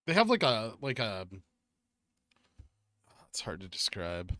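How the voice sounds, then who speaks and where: A man's voice: fairly low pitch, wildly swooping pitch, slow pace, sharp tone, dry recording. A man with a Southern Californian accent, casually reading chat messages aloud on a live stream and answering them, saying "like" a lot. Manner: reads chat comments aloud and answers them, chatty, says "like" often.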